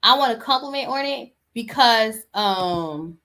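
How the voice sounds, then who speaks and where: Sassy woman podcaster, voice sits a bit high, talks back at clips. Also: expressive, unhurried, pushed and bright. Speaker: podcast host. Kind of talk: casual commentary.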